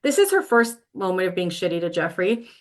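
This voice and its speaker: A woman's voice: fairly low pitch, sing-song, brisk. A woman co-hosting a podcast, casually retelling a book's plot in her own words and quoting characters with lots of "like". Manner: recaps plot with quoted lines, lots of "like". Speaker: podcast co-host. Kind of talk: casual book-recap chat.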